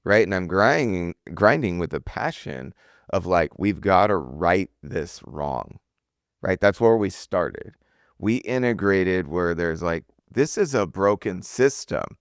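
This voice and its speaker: Deep-voiced, earnest male podcast co-host. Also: animated, takes it slowly, no echo, clean studio sound. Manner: earnest, keeps checking in with "right?". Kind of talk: casual podcast chat.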